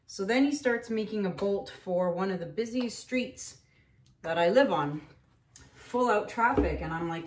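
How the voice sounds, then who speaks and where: A woman's voice: medium pitch, animated, normal speed, darkish tone. Chatty woman in her 30s rambling while she paints, lots of ums, echoey room. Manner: chatty, rambling, with frequent fillers. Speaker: acrylic pour artist. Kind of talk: casual painting tutorial with storytelling.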